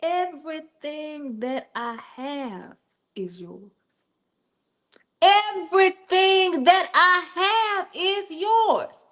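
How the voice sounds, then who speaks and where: A woman voicing a gentle, loving older father who softly reassures his son in a sermon retelling. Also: very high voice, lively intonation, very slow, pitched above the performer's own voice, full character voice. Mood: tender.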